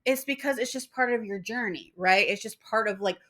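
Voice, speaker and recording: A woman's voice: a little high, fairly quick, bright, forceful tone. A young woman ranting casually to camera about spiritual ideas, getting worked up, swearing often and acting out other people's voices. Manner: fired-up, swears a lot, acts out voices. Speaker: spiritual vlogger.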